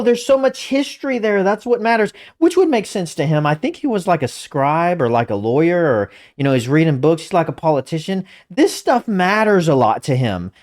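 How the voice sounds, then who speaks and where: A woman hosting a reaction video, talking excitedly, stammering in disbelief and laughing as she comments. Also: on the low side. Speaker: channel host.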